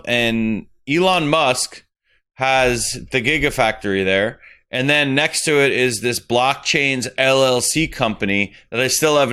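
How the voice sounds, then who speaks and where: A man with a bright, clear voice chats casually as a podcast co-host. He rambles a little and jokes along with the others, keeping an easygoing tone. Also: medium pitch. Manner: relaxed, rambling, joking. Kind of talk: casual chat.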